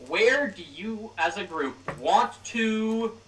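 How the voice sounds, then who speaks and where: A man's voice: sits high, lively intonation, slow, a bit bright. A man running a tabletop game as dungeon master, reading scene-setting narration and casually asking his players questions. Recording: roomy, distant mic, faint noise.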